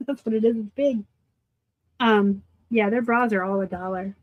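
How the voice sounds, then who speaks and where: A chatty woman hosting a live thrift unboxing, talking through her finds in a relaxed, joking way. Her voice sits at an ordinary middle pitch and the sound is dry and close, with no room around it. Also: slow, pauses often, no room sound. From Arizona. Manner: chatty, laughs easily, self-deprecating asides. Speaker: reseller host. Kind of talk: casual live unboxing chat.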